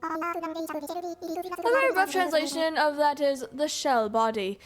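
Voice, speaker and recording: A woman's voice: extremely high pitch, over loud music, pitched above the performer's own voice. Woman voicing a pompous owl curator. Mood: lecturing. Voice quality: vague put-on Irish-sounding lilt. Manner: lecturing, grandly drawn-out storytelling. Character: pompous scholarly male owl museum curator. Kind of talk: reading game dialogue aloud in character.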